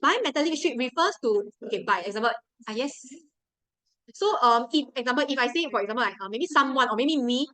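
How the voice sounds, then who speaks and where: A woman's voice: high voice, animated, a little fast, a bit bright, poor audio. A young woman with a Singaporean English accent teaching a live science revision class, chatty and repeating key points to coax her students along. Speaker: science tutor.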